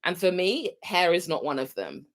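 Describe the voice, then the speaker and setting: A woman's voice: on the low side, sing-song, moderate pace. British woman rambling on a live stream, chatty, voice bouncing all over. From United Kingdom. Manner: chatty, rambling, wanders off topic. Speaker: vlogger hosting a live stream. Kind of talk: casual chat to viewers.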